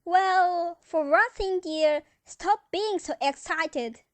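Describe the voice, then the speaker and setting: A young woman on stage playing a calm, sweet elderly aunt in amateur acting, speaking soothingly and calling others dear. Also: extremely high pitch, takes it slowly, no room sound, full character voice. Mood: placid. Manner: soothing, gentle, says dear often.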